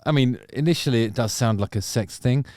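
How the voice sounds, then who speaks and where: A man's voice: mid-range voice, brisk, a little mellow, dry recording, studio quality. A man hosting a music channel, reacting to songs in a rambling, hesitant casual commentary full of ums.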